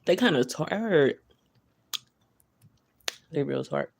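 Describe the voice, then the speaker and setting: A woman with a low, gravelly voice chats casually on a livestream. She talks loosely and slangily to her viewers, reading their comments and chuckling often. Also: lively intonation, drawn-out words, a little mellow, slight background noise.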